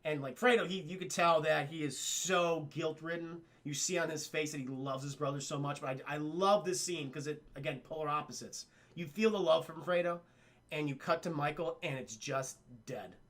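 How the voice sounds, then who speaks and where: A man's voice: fairly high pitch, normal speed, a bit bright. A man streaming a casual film review, chatty and profane, retelling scenes and talking to his chat.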